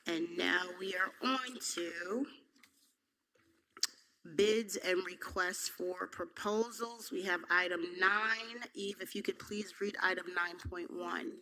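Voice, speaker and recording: Woman, mayor, chairing a commission meeting, formal agenda phrasing, gravelly, bright. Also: fairly low pitch, takes it slowly, rough recording. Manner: warm, formal procedural phrasing.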